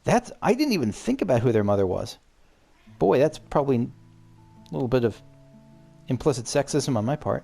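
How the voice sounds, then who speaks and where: A man with a gruff voice chatting his way through a story game, thinking out loud, restarting sentences and swearing now and then. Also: medium pitch, big pitch swings, moderate pace, pauses often, soft background music. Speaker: gaming channel host. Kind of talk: let's-play commentary.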